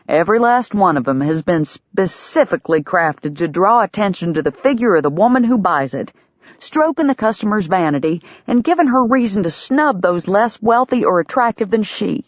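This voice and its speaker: A gruff, stern young frontier man with a clipped, unbending way of speaking, as a woman reads him in an audiobook. The sound is dry and a little dull, like a lo-fi storybook recording. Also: on the low side, no room sound, close to an everyday voice. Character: stern, gruff young male livery owner.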